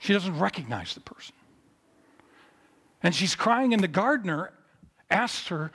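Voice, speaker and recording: A pastor giving a sermon at a memorial service in a chapel, telling a story with big swings between loud, high moments and low, quiet ones. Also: male voice, normal speed, long pauses, breathy edge, big-room sound. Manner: animated storytelling with big swings in pitch and loudness.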